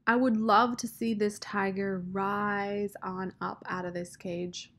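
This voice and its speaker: A woman's voice: medium pitch, flat delivery, takes it slowly, close to an everyday voice. Woman reading as a blunt, folksy older woman. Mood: fired up. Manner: folksy dialect, firm and matter-of-fact.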